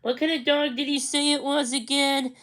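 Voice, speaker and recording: A woman's voice: high voice, little pitch movement, normal speed, fairly bright tone, voice pushed up. A woman voicing a puzzled, curious little boy. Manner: puzzled, questioning. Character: curious, shy young boy.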